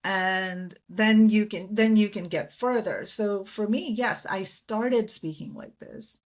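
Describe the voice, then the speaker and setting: A woman from India, a guest in an interview, telling stories in an animated way and acting out the voices of people she quotes. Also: mid-range voice, takes it slowly. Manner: animated storyteller who acts out quoted voices. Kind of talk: conversational interview.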